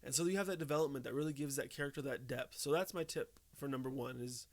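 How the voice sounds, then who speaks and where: A young man talks through tips in a casual, conversational way. His pitch sits in a middle register. He keeps checking in with listeners as he goes. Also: quick pace. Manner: conversational, often checks in with "okay?" and "right?". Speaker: tabletop game tips host. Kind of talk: casual tips talk to camera.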